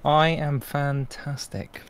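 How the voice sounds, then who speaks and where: A man's voice: fairly high pitch, steady tone, takes it slowly, a crowd in the background. A man from Britain, a podcast guest, chatting casually and telling stories in an upbeat, jokey way. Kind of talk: casual chat.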